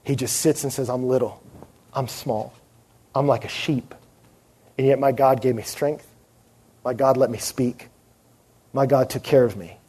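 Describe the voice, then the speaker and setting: A young man preaching a sermon, telling a lively story and acting out the people in it. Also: medium pitch, a little slow, long pauses, husky. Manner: animated storyteller acting out quoted voices.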